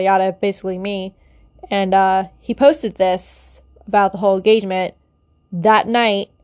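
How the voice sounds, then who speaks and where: A woman's voice: mid-range voice, no room sound, clean studio sound. A young woman with a cold and a stuffy nose, ranting emotionally in a personal vlog, swearing and rambling with many fillers and restarts, recorded on a phone or built-in mic. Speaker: vlogger.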